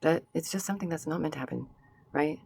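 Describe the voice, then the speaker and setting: Low, gravelly woman talking sass. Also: fast talker, a little mellow, slight background noise. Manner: sassy, talks straight to viewers, mock voices for quotes. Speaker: vlogger. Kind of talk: casual commentary to camera.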